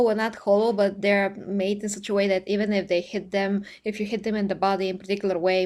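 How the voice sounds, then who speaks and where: A woman's voice: medium pitch, darkish tone. A woman hosting a reaction video, chatting in a giggly, playful way. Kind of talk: casual reaction chat.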